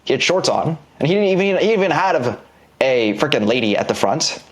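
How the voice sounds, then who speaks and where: Animated slangy man teaching a course. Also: fairly high pitch, fairly quick. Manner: animated, slangy, drawing examples on a board. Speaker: online business course instructor. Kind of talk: casual recorded course lecture.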